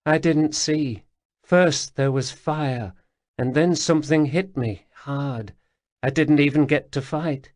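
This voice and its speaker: A man reading an audiobook voices the ghost of a dead woman soldier who speaks in a quiet, murmuring, resigned way. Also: a little high, slow, no echo, studio quality, voice pushed up. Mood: calm, wry. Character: female soldier's ghost, calm, wry, gentle.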